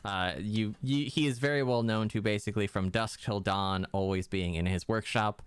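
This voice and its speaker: Chill gm guy, deep smooth voice, dry close sound, lots of likes and you knows. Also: moderate pace, no room sound. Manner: casual, loose, full of fillers and restarts. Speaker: game master. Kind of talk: narrating a tabletop game.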